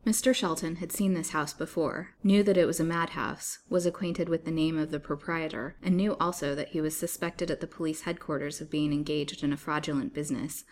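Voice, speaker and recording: A woman reading a serialized novel aloud as a storyteller, in a steady, measured way. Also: sits low.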